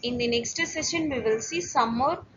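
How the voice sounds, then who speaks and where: A woman's voice: a little high, normal speed, fairly bright tone. A woman giving a recorded lecture, explaining step by step with occasional fillers and restarts. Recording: dull lo-fi lecture recording with faint hiss.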